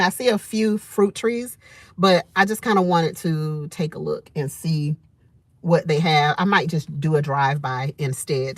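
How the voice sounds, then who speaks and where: A woman, hosting a live stream from outdoors in a parking lot and telling a story to her chat in an animated, chatty way with frequent laughs. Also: lowish voice, dry recording. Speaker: homesteading channel host.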